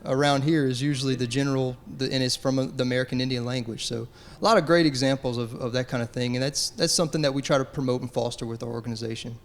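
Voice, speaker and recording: A man's voice: medium pitch, fairly even intonation, quick pace, hardly any pauses. Easygoing man in casual panel talk. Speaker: organization representative.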